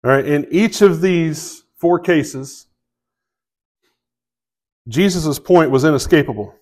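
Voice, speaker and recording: A pastor with a fairly high, slow, slightly mellow voice preaches a sermon on a rough recording. He keeps it conversational, often checking in with his listeners, and reads scripture aloud with rising emphasis.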